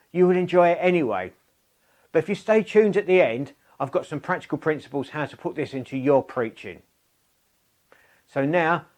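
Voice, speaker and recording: Earnest storytelling male preacher. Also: a little high. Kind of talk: sermon.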